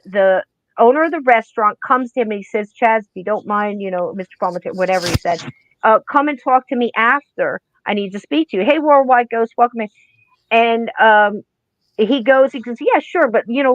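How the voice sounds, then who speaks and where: A woman co-hosting a podcast, telling a ghost story in a casual, animated way and acting out the people she quotes. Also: a little high, dry recording, dull audio. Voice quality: animated, acts out quoted voices. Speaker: podcast co-host.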